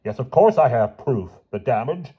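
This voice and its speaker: A man's voice: medium pitch, expressive, moderate pace, breathy edge, muffled recording, voice pushed up. A man voicing a pompous, blustering middle-aged headmaster who sounds indignant.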